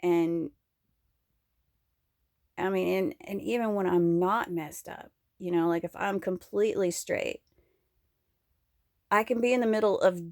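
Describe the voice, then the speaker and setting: A woman's voice: fairly low pitch, measured pace, pauses often, a little mellow, no room sound, studio quality. A woman vlogging from home, rambling candidly and crudely and laughing often as she talks. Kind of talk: casual rambling monologue.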